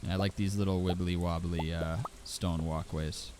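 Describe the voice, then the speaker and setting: A man's voice: deep voice, moderate pace, noisy background. A man streaming a farming game, chatting casually with viewers and exclaiming over loot. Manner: animated, exclaiming, talks to chat. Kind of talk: casual gameplay commentary.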